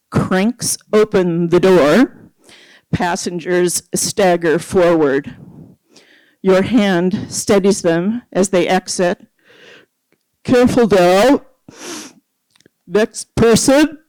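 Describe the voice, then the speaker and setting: A poet from Nova Scotia, Canada, reading an original poem at an open mic, slow and measured, with pauses. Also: medium pitch, darkish tone, dry recording, poor audio. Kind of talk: poetry reading with spoken preamble.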